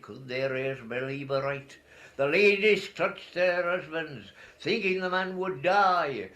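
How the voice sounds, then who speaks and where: Slow-declaiming man reciting a poem. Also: mid-range voice. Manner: declaiming, with sharp swings in loudness. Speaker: speaker at an online folk song forum. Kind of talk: dramatic poetry recitation.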